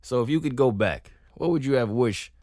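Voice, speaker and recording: A man hosting a podcast, telling funny stories in an animated, laughing, profane comic monologue, close on a studio mic. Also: medium pitch, fairly quick, dry recording. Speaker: podcast host. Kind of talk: comedic solo monologue.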